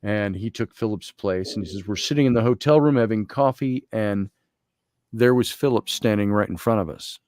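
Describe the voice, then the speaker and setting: A man guest, an Egyptologist, telling a story in conversation, animated and quoting others, and slowly reading aloud from a journal. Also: lowish voice, dry recording, clean studio sound. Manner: animated storytelling with quoted voices.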